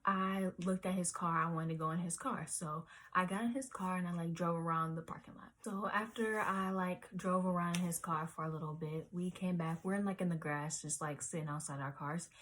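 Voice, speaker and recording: A woman's voice: lowish voice, steady tone, a little fast, hardly any pauses, fairly bright tone. A woman in her twenties telling a rambling storytime vlog story, full of "like" and "um", sometimes dropping to a whisper. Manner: rambling, lots of "like" and "um", drops to whispers. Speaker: vlogger.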